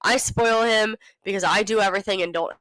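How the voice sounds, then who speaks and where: A woman in her thirties rants animatedly as a podcast co-host, peppering every story with profanity. Her voice sits at an ordinary pitch and is recorded dry and close, with no room sound around it. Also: fairly quick, fairly bright tone, dry recording, low-quality recording. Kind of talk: casual chat.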